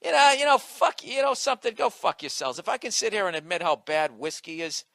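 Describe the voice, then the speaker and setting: A man's voice: high-pitched, sing-song, fairly quick, gravelly, a bit bright, no echo. A man doing a profane comic rant with mocking asides. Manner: profane ranting, mocking impressions. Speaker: comedian. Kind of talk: podcast rant.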